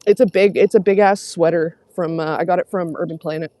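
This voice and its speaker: Young woman streamer, sarcastic and profane, dark mellow tone, dry close sound. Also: lowish voice, fairly even intonation, a little fast, no echo. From Canada. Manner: sarcastic, profane, mocking commenters. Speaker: livestreamer. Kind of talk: casual livestream chat reading comments.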